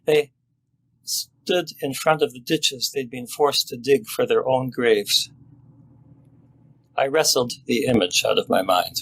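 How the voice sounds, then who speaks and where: An older man, a family doctor, reading his own story aloud in a measured, sober and reflective way. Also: mid-range voice, a bit bright, slightly rough, low-quality recording.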